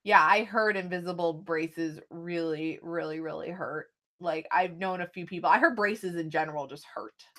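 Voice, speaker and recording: A woman's voice: lowish voice, moderate pace, hardly any pauses, fairly bright tone. A young adult woman vlogging, talking casually and rambling to a phone camera she holds at arm's length. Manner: rambling, chatty, with frequent "like" and sighs. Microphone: phone camera held at arm's length.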